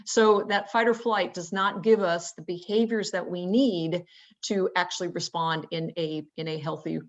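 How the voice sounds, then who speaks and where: A woman's voice: fairly low pitch, fairly even intonation, normal speed. Woman coaching in a webinar, muffled audio. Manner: conversational, many fillers and rhetorical questions. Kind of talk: instructional webinar talk. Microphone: remote webinar audio.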